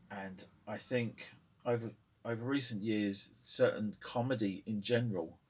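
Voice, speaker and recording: Rambling husky middle-aged man. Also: on the low side, a bit bright. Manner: rambling, hesitant, with many fillers and chuckles. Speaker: channel host. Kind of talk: casual opinion vlog.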